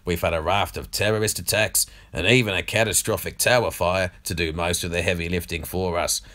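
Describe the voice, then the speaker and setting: A man's voice: low voice, fairly even intonation, a little fast, a bit bright. A man voicing a crude, sneering elderly media baron in a put-on Australian accent, in a comedy podcast monologue. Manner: foul-mouthed, gloating, mocking.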